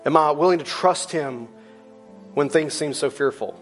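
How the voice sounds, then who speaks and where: A middle-aged male pastor preaching a sermon in a church, emphatic and conversational, repeating lines and slowing down low on key words. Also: soft background music. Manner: rises loud for emphasis, drops low and slow on key words.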